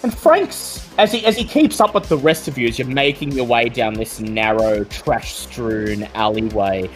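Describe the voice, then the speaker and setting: Guy game-mastering a tabletop game, mid pitch, descriptive, lots of pauses.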